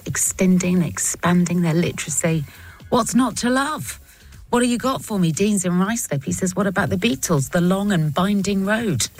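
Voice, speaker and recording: A woman presenting on the radio, playfully reading out listener texts and reacting quickly, into a studio microphone. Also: lowish voice. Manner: lively, playful, reads out puns with quick reactions.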